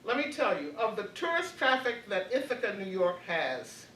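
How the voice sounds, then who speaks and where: A woman's voice: medium pitch, big pitch swings, normal speed, a bit bright, echoey room, slight background noise. Older woman reminiscing on a distant call. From Baltimore. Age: 80s. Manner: hesitant, many fillers and restarts, laughs often. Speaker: panelist. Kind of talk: reflective panel talk. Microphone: video call.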